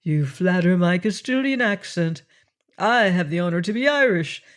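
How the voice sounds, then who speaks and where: A man's voice: sits high, moderate pace. A man playing a sardonic, self-assured pirate captain. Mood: boastful. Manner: dry, mocking, calmly confident.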